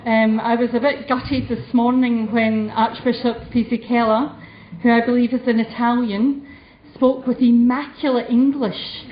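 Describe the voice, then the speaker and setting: A woman with a Glasgow accent, a religious sister addressing a conference. She speaks in a fairly high voice, deliberate and emphatic, with dry humour. The sound is a roomy, muffled recording from a large hall. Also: little pitch movement, a little hiss or hum. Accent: Glasgow Scottish. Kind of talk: conference talk.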